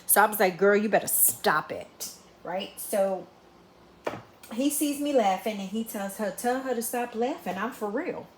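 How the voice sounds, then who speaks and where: A woman's voice: medium pitch, slight background noise. Woman in an echoey room. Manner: animated, acts out quotes, laughs while telling. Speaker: vlogger. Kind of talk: casual storytelling chat.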